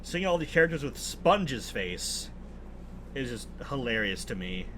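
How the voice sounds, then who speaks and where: A young man hosting casual game commentary, relaxed and amused, chuckling often. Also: medium pitch, unhurried, a little hiss or hum. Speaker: host.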